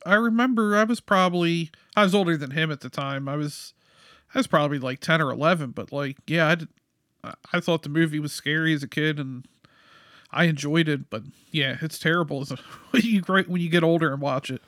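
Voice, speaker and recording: A man co-hosting a podcast, easygoing as he runs through a list of films and chuckles along. His voice is notably high for a man, smooth and clean. It is recorded close and dry. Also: a little fast, fairly bright tone, no room sound. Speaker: podcast co-host. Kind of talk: casual chat.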